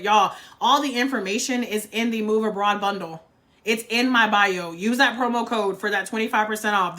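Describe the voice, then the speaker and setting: A woman from North Carolina, US, hosts a livestream, giving a blunt, fired-up motivational talk and swearing freely. Her voice is medium-pitched with a sharp tone.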